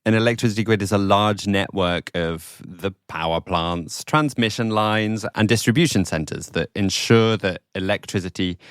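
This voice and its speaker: Low-voiced man co-hosting a news podcast. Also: normal speed, few pauses, clean tone, no room sound, studio quality. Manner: explains plainly, laughs easily. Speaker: podcast co-host. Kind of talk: casual news podcast chat.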